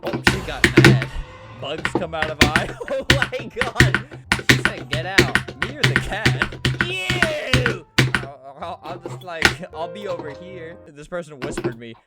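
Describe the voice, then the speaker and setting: A young man in his twenties giving comedic gameplay commentary with dark, deadpan jokes and playful storytelling. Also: on the high side, moderate pace. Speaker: gaming video creator. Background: loud background music.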